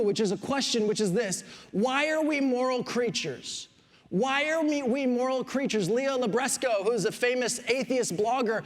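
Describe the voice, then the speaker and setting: A man's voice: very high-pitched, long reverb tail. A pastor in his thirties from Quebec, preaching a sermon with joking asides. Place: church.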